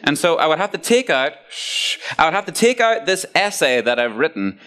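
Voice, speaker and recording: A man's voice: fairly high pitch, moderate pace, clean tone. A man giving a casual, joking talk to a youth group, with asides to the audience. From Ireland. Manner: playful, jokey, lively storytelling with asides to the audience.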